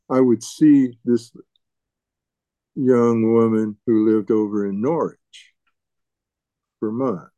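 An older man reminiscing as an interviewee, halting and often restarting and repeating his words. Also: medium pitch, warm tone, dry recording. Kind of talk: reminiscing storytelling.

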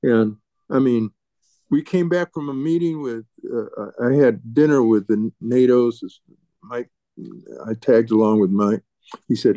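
An older man reminiscing as an interviewee, halting and often restarting and repeating his words. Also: mid-range voice, dark tone, dry recording. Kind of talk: reminiscing storytelling.

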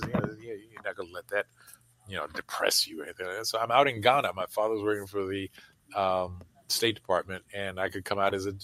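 A man's voice: on the low side, fairly bright tone, no room sound. An older man telling casual stories in an interview, rambling with many fillers and asides, and talking over a call. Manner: rambling anecdotes full of fillers and laughs. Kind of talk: casual storytelling.

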